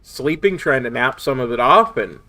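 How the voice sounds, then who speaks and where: A man's voice: medium pitch, expressive, normal speed, bright, forceful tone. A man streaming a game, chatting casually with viewers, with a slight lisp from a sore tongue. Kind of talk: casual live-stream chat.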